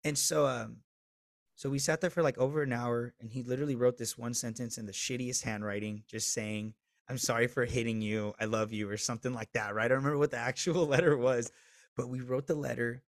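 A man in his thirties appears as a podcast guest, telling a candid personal story full of swearing and swinging between loud and hushed. His mid-range voice is steady in tone and brisk, in a dry recording.

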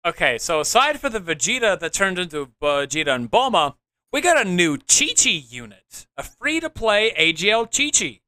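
A man hosting a casual podcast chat, upbeat and quick to laugh. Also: high-pitched, very animated, pushed and bright, no room sound. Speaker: podcast host.

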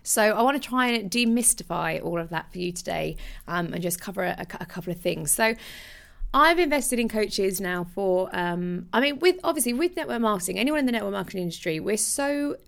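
A woman's voice: mid-range voice, expressive, brisk, vocal fry, fairly bright tone. A young woman hosting her podcast, chatting casually and animatedly with restarts and laughs. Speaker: podcast host. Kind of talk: casual solo podcast talk.

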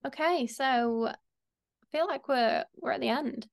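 A young woman hosts a casual podcast chat. Her voice sits a little high, and she rambles along with plenty of fillers. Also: takes it slowly, vocal fry. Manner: chatty, rambling, lots of fillers. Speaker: podcast host.

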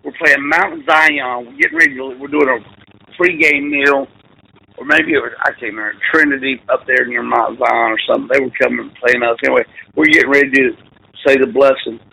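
A man's voice: medium pitch, fairly quick, gravelly, husky, low-quality recording. A middle-aged man, a football coach telling folksy stories over the phone in an interview. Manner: animated, folksy storyteller with laughs. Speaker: high school football coach.

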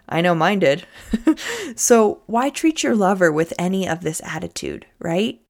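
A woman's voice: lowish voice, expressive, fairly quick. Woman talking straight to you about relationships, frank and coachy. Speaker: relationship advice host. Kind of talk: direct-to-viewer advice talk.

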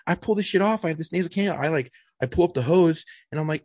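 A man's voice: fairly high pitch, racing, darkish tone, no echo, studio quality. A man co-hosting a podcast, telling a profane story in casual chat and acting out his own quotes. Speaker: podcast co-host.

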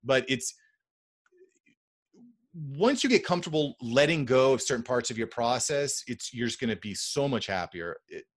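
A man's voice: medium pitch, lively intonation, moderate pace. A man as a podcast guest, speaking confidently in casual chat and repeating key points for emphasis.

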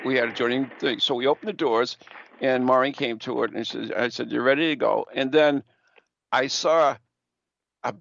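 A middle-aged man hosting a podcast, talking casually in a halting way and repeating words. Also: mid-range voice, vocal fry, fairly bright tone, no room sound, muffled recording. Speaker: podcast host. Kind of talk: casual chat.

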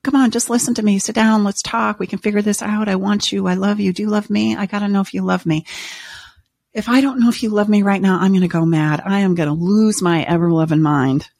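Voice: medium pitch, steady tone, fairly quick, darkish tone, dry recording, voice pushed up, natural voice. A podcast host acting out an anxious partner who desperately pleads for reassurance and closeness. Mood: pleading. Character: anxious partner chasing a lover. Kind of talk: acted example in a podcast.

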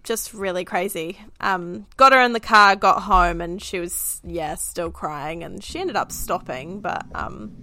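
A woman with a New Zealand accent tells a parenting story in loose, chatty podcast talk. Her voice is bright and sits dry and close to the mic, with lots of fillers and little laughs woven in. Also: lowish voice, measured pace, hardly any pauses, no echo. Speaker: podcast co-host, mother. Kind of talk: casual chat.

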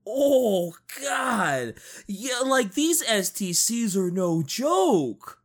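A man co-hosting a podcast, reacting loudly with swears and lots of "like". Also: sits high, very slow, husky. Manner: animated reactions, swears, says "like" often. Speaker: podcast co-host. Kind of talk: casual chat.

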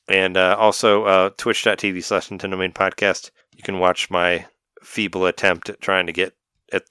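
A man hosting a podcast, wrapping up the episode in a relaxed, chatty way and laughing at himself. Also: sits low, no echo, clean studio sound. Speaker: podcast host. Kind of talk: casual podcast outro.

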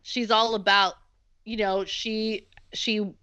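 A woman's voice: mid-range voice, level tone, slow, bright, forceful tone, smooth, no room sound. A woman in a casual film discussion, talking in long run-on lists with many fillers. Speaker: podcast co-host. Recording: dull lo-fi sound.

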